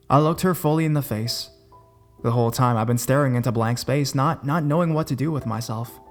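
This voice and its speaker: A man giving a scripted first-person horror story narration in a measured, deliberate way. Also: medium pitch.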